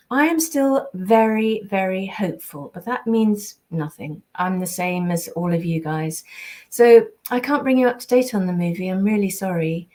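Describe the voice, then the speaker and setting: A woman's voice: medium pitch, a little mellow. An older woman, born in the US and raised in England, chatting casually on a livestream as she reads fan messages and signs prints. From born in the US, raised in England from age seven. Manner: chatty and rambling, full of ums and restarts. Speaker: voice actress signing prints for fans.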